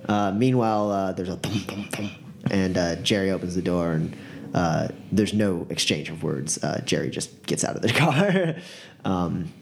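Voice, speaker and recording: Low-voiced man narrating as game master. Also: animated, gravelly, slight background noise. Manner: halting, many fillers, casual.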